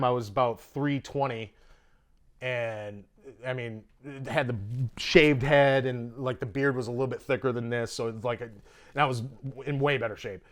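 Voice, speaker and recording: A man tells a story on a casual podcast, loose and full of profanity. His voice sits at a middle pitch, and the telling stays animated. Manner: profane, animated storyteller who puts on a Russian accent in quotes. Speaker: guest comedian. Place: podcast studio in Austin, Texas.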